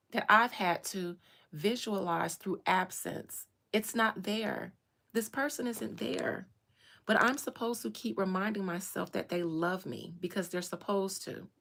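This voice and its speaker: A woman's voice: mid-range voice, slow pace, gravelly, fairly bright tone. Impassioned woman telling a personal story. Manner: impassioned, repeats phrases for emphasis.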